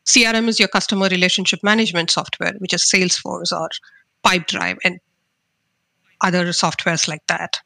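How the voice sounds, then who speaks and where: Woman dev on a podcast, bright clear voice, dry close sound, calm explainer. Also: fairly low pitch, brisk, no echo. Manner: calm, explanatory, uses simple analogies. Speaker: web developer guest. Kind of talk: casual podcast chat.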